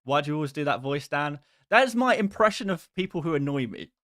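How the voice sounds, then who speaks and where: Male stream host, fairly high voice, rambling and exasperated, self-mocking chat style. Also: lively intonation, fast talker, fairly bright tone, no room sound, clean studio sound. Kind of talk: casual live-stream chat commentary.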